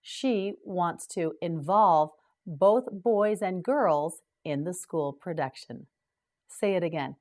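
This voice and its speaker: A woman hosting a scripted English vocabulary lesson, slowly and clearly drilling each word for learners to repeat. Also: lowish voice, darkish tone. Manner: slow, clear drilling of words. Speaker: English teacher and host.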